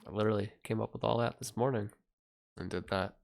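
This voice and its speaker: A man's voice: lowish voice, steady tone, quick pace, gravelly, darkish tone. A man chatting casually on his livestream, mumbling and thinking aloud as he fixes his audio at a desk microphone.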